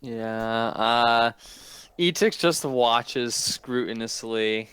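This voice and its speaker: Very slow, bright-voiced man. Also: medium pitch, clean tone, dry recording. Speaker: player. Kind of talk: narrating his character.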